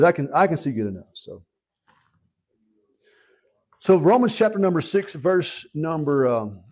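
A pastor with a slightly high, darkish voice preaches a sermon and leads a prayer on a lo-fi recording. He is earnest and repetitive, putting questions to his listeners over and over.

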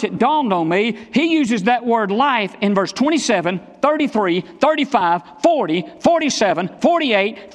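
A man preaching a Sunday sermon as pastor, emphatic and repetitive, putting direct questions to his congregation. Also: sits high. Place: church sanctuary. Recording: long reverb of a large hall.

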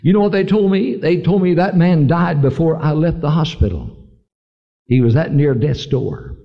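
A male preacher tells his story with fervent earnestness and moves into a pleading invitation to his congregation. His voice sits fairly high and swings widely in pitch. The live recording is dull and lo-fi, with a long reverb from a large hall. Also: lively intonation, moderate pace. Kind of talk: sermon with storytelling and altar call. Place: large church meeting hall.

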